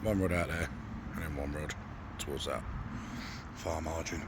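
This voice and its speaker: A man with a croaky voice, chatting and bantering as he commentates a fishing session outdoors. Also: extremely low pitch, steady tone, normal speed, very noisy. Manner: banters and asks questions. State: croaky after losing his voice to a cough. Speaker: angler and channel host. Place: lakeside outdoors.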